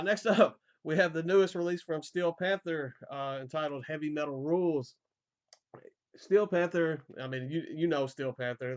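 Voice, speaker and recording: Male vlogger, hoarse, easygoing record-collector chatter, muffled low-fi sound. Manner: relaxed, rambling, frequent fillers and repeated starts. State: voice going hoarse. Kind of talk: casual album collection update.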